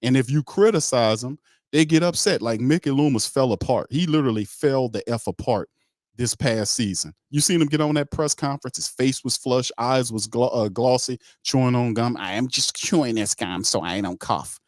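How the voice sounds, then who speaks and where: A male sports talk host delivering opinionated commentary, blunt and heated, heavy on casual slang. His voice is mid-pitched and recorded dry and close, with no room echo. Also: moderate pace, darkish tone.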